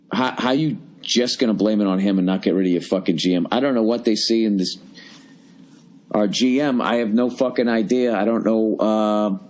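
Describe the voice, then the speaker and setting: Podcast host, man in his forties, low-pitched, profane ranting monologue from a hotel room. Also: a little mellow. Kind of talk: solo comedic podcast rant.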